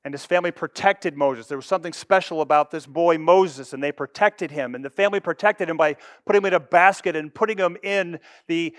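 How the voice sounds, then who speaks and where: A man preaching a sermon, with expressive delivery that moves from loud emphasis to hushed asides. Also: on the high side, no echo, clean studio sound. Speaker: pastor.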